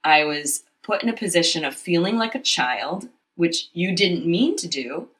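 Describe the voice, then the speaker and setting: A woman co-hosting a candid conversation, talking openly about her own experiences in a lively, storytelling way. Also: fairly low pitch, normal speed. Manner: open, confessional, animated storytelling. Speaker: podcast co-host. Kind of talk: candid casual chat.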